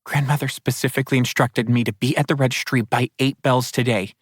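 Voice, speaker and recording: A man voicing an earnest, practical young woman in an audiobook, explaining things briskly. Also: medium pitch, steady tone, breathy edge, no room sound, studio quality, lightly acted. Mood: urgent. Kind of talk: audiobook character voice.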